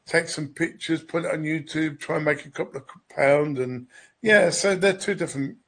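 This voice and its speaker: A man's voice: a little high, moderate pace, gravelly, a bit bright. A man with a British accent hosting a radio talk, speaking in a loose, rambling conversational way. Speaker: radio host. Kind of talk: casual conversation.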